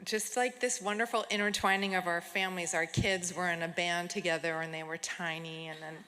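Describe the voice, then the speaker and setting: A middle-aged woman presenting an award on stage, speaking heartfelt and unhurried, with soft fillers, into a podium microphone. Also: fairly low pitch, fairly even intonation. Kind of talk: tribute speech at an awards gala. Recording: long hall reverb, audience.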